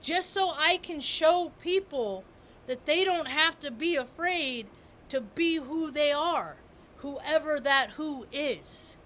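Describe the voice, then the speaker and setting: A woman's voice: sits high, slow pace, fairly bright tone, slight background noise. A woman vlogger talking in a rambling spiritual monologue, repeating and restarting her words with emphasis.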